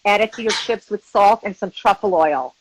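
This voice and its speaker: A woman's voice: medium pitch, moderate pace, dry recording, low-quality recording. A woman from Long Island working as a guest chef, talking casually through a cooking demonstration with lots of "like" fillers. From Long Island, New York. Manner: chatty, relaxed, lots of "like" fillers. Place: home kitchen.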